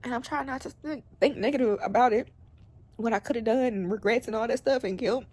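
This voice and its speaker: Crying on and off at home, a young adult woman vlogger talks straight to the camera, rambling as she confides emotionally in her viewers. Her voice is on the high side, brisk, and somewhat dark in tone.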